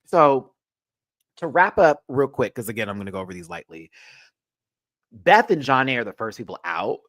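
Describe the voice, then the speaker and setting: A man's voice: mid-range voice, big pitch swings, moderate pace, a bit bright, no room sound. A man hosting a casual pop culture rant show, chatty, sassy and profane, full of asides.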